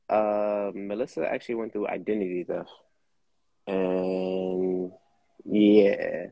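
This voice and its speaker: A man's voice: low voice, steady tone, takes it slowly, vocal fry, no echo, highs cut off. A young man telling a story casually on a livestream, slangy and profane. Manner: profane, laid-back, slangy. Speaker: car rental host.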